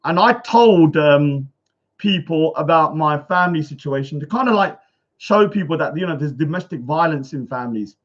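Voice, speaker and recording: On a casual livestream rant, a man reads viewer comments aloud and then rebuts them with indignation. His voice is a little high and animated, his pace moderate, and the sound quality is lo-fi.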